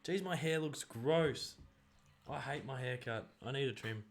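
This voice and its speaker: An Australian man calling a game live for his stream, his voice at an everyday middle pitch. He rattles off player names in quick bursts and jumps into loud, excited calls when the play heats up. It is casual, chatty commentary. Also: a little hiss or hum.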